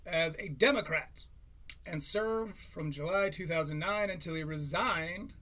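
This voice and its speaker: A man's voice: fairly high pitch, unhurried, pushed and bright. A man hosting a podcast, telling a story in a casual, profane way and often laughing between lines. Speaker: podcast host.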